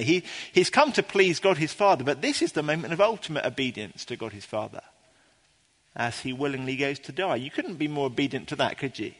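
A man preaching a sermon to a congregation in an earnest, explaining way, sometimes pausing with ums and restarting his sentences. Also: a little high, expressive, a bit bright, long reverb tail. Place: church before a congregation.

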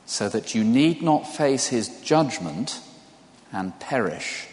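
A man's voice: mid-range voice, expressive, takes it slowly, darkish tone. An older man preaching a sermon in a conversational way, putting questions to his listeners. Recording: long hall reverb.

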